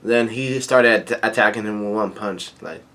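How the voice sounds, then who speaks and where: A man's voice: lowish voice, steady tone, moderate pace, sharp tone. Hesitant man reading a comic aloud. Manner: hesitant, many fillers and restarts. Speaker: manga chapter reader. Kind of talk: casual manga read-through with comments.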